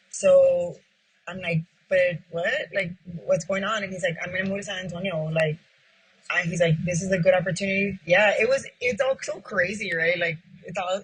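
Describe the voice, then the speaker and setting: A woman's voice: lowish voice, a bit bright, husky, rough recording. A woman who owns a pizzeria, telling her story in an interview and acting out past conversations, with many casual "like"s. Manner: retells past talks by acting out both sides, heavy with "like". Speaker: pizzeria owner.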